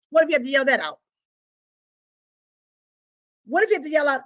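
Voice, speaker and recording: Woman, live-stream host, preachy and emphatic, higher voice, acts out confessions. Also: animated, brisk, pauses often, fairly bright tone. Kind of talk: preachy talk to a live audience.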